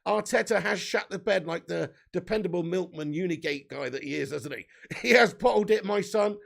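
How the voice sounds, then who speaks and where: A man's voice: sits high, moderate pace, creaky, a bit bright. A man hosting a casual live football stream, chatting, reading the live chat aloud and laughing often.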